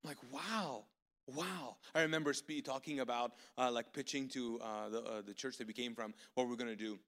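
A man preaching a live sermon as pastor, telling stories in an animated way with sudden loud outbursts of excitement. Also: medium pitch, fast talker. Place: large church auditorium. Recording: long hall reverb from live church service.

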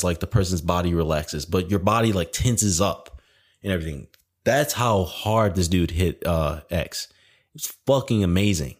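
A young man hosting a podcast alone, rambling in casual chat, packed with "like" fillers and frequent swearing. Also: low-pitched. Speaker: podcast host.

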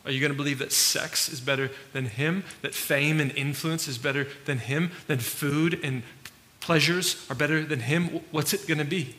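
Pastor, male, slightly high and bright, casual sermon, long hall reverb. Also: fairly even intonation, moderate pace. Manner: casual, conversational preaching with frequent restarts and fillers.

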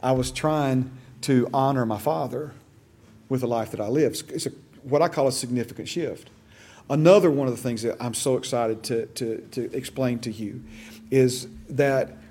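A man's voice: mid-range voice, moderate pace, warm tone. A middle-aged man teaching a church discipleship class, passionate and repetitive, checking in with "okay?". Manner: passionate, repeats and restarts phrases, asks "okay?".

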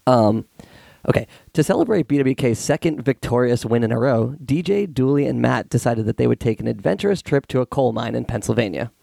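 Hoarse guy getting sick, gravelly and kinda mellow, keeps giggling while he reads, dry close mic. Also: medium pitch, lively intonation, normal speed, dry recording. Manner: giggly, laughs between sentences. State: hoarse, coming down with a cold. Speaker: podcast co-host. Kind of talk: casual chat and reading a comic story aloud.

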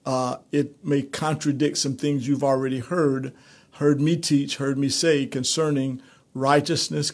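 A male pastor teaching a streamed Bible study in a conversational preaching manner, building to animated emphasis. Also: medium pitch.

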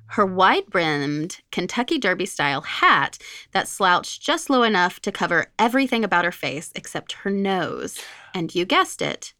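Lively, bright-voiced woman reading a story. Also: medium pitch, dry recording, clean studio sound. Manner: giggly, animated storyteller. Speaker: podcast co-host reading a listener story. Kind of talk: casual chat and story reading.

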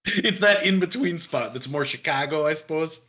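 A man in relaxed conversation with a fairly high, bright and forceful voice. He talks loosely and jokes often, breaking into laughter. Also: moderate pace. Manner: jokey, puts on gruff voices, laughs often. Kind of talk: casual chat.

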